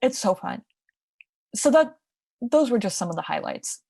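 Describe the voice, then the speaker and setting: A woman's voice: mid-range voice, very animated, normal speed, vocal fry, warm tone, breathy edge, no echo, clean studio sound. A young woman co-hosting a podcast, telling a crime story in a casual, chatty way with asides and restarts. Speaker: podcast co-host.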